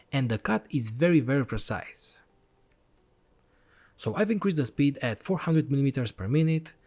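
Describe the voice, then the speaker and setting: Male host, tech review voice-over: eager, explanatory, animated pitch, mid-range voice. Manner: enthusiastic, explanatory step-by-step. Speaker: electronics channel host.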